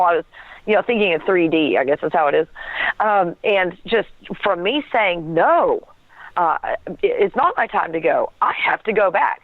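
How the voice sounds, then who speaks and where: A woman's voice: lowish voice, lively intonation, normal speed, dry recording. A woman telling a personal story as an interview guest, earnest and searching for words, often breaking into a laugh. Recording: tinny phone line, dry.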